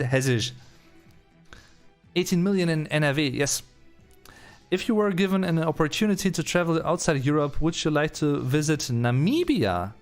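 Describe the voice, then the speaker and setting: A man from Germany with a German accent, hosting a live-stream Q&A, reading out chat comments and answering them in a casual, chatty way. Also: on the high side. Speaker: host.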